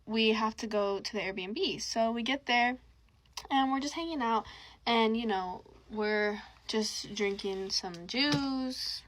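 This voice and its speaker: A young woman tells a personal story in quick, gushing bursts. She talks in a chatty manner, piling on asides and filler as she goes. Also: mid-range voice, a bit bright, no echo, poor audio. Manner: rushed, chatty, full of likes and asides. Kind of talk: casual storytime monologue.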